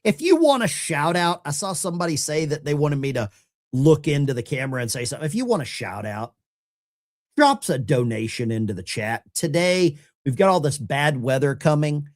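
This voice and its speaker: Male call-in host, casual and rambling, with a very lively pitch. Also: moderate pace. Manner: animated and chatty, often rambling. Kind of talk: casual live-stream call-in talk.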